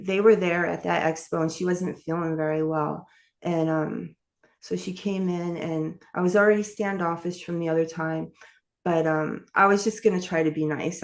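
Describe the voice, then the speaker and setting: A middle-aged woman telling a story as an interview guest, rambling along with many fillers and self-corrections. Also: on the low side. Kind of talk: casual storytelling chat.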